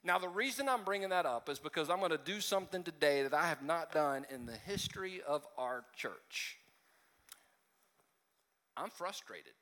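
A man's voice: a little high, lively intonation, moderate pace, pushed and bright, in a large hall. A male pastor preaching a conversational sermon, joking and stumbling over restarts as he talks to his congregation. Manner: conversational and self-deprecating, with frequent restarts and asides. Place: church sanctuary.

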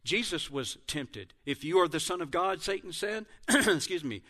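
A man leads a Bible lesson, moving between reading scripture aloud and laying out plain comparisons. His voice sits a little high and sounds bright and forceful, with small slips he openly corrects. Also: expressive, normal speed. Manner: reads verses aloud, then compares them in plain explanation; corrects himself mid-reading. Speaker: Bible teacher.

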